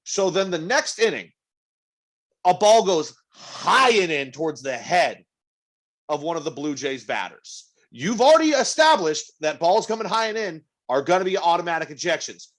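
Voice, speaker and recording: Speaking at a normal speed with a voice on the high side, a podcast co-host recounts a story loaded with swearing. He brings it to life with acted-out quoted asides in a casual chat.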